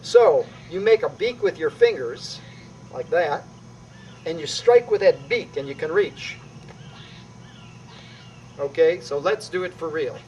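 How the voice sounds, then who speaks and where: A middle-aged man teaching qi gong exercises on video, energetic and emphatic, calling out strikes with a loud "boom". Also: a little slow, long pauses, highs cut off, a little hiss or hum. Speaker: qi gong instructor.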